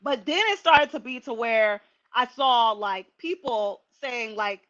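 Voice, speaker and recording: A woman hosting a casual livestream, chatty and animated, talking straight to her viewers. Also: sits high, moderate pace, dull audio. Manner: chatty, animated, laughing asides. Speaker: livestream host.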